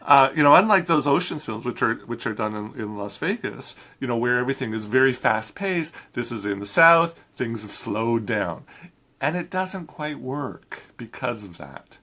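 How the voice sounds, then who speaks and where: A man's voice: medium pitch, lively intonation, normal speed, pushed and bright. A man reviewing a film in a casual chat, talking easily with frequent restarts and laughs. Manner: chatty, laughs often, many restarts.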